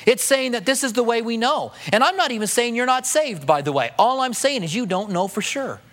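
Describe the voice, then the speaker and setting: A pastor preaching a sermon in a church, talking in a conversational way with rhetorical questions and dropping to a soft hush when he voices prayers. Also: very high voice, expressive, fairly quick.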